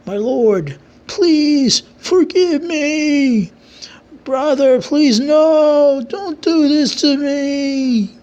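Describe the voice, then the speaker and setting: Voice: sing-song, slow, fairly bright tone, husky, muffled recording, heavily acted. A narrator voicing a frightened brother of the king who begs desperately for mercy in a homemade fantasy story. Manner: high, desperate pleading.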